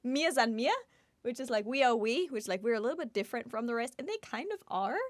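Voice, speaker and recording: A woman's voice: on the high side, lively intonation, fast talker, dry recording. A woman from Bavaria, co-hosting a casual podcast chat, talking in a chatty way with frequent laughs and restarts. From Bavaria, Germany. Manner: chatty, laughs often, explains with many restarts. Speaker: podcast co-host.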